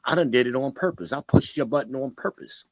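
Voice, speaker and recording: A man's voice: mid-range voice, brisk, no echo, low-quality recording. A man hosting a casual livestream, talking bluntly and preachily to the viewers in the chat. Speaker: livestream host.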